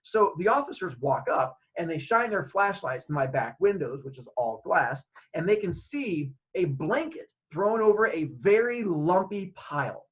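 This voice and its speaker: A man's voice: sits high, measured pace, hardly any pauses, poor audio. A man hosting his own show, telling an anecdote casually and acting out the dialogue. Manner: animated, acts out dialogue. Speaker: host. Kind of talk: casual storytelling.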